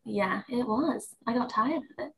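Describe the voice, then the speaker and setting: A woman with an English accent, a guest in a casual podcast interview, self-deprecating and quick to laugh. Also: a little high, lively intonation, fairly bright tone. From England.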